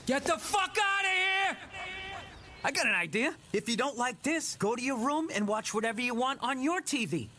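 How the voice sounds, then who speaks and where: Explosive sitcom cartoon father, bright, lively rants full of curses. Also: very high voice, moderate pace, a little hiss or hum, heavily acted. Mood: yelling. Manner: swearing, blustering tirades. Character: hot-tempered middle-aged working-class dad. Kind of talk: animated sitcom voice acting.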